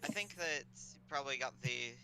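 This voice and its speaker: A man acting as game master, patiently explaining rules and filling pauses with ums while he looks things up. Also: medium pitch, lively intonation, background noise. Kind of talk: running a tabletop game online.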